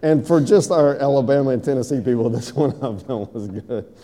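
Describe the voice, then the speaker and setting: Male preacher, warm and mellow, big hall echo; jokey then solemn. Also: medium pitch. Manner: joke-telling, then slow and solemn. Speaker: pastor. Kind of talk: sermon. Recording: echoey hall reverb.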